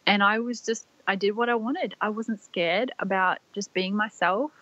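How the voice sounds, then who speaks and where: A young Australian woman, a podcast guest, telling a personal story in a soft, rambling way full of "like" fillers. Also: mid-range voice, steady tone, normal speed, no room sound. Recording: dry, slightly dull lo-fi audio.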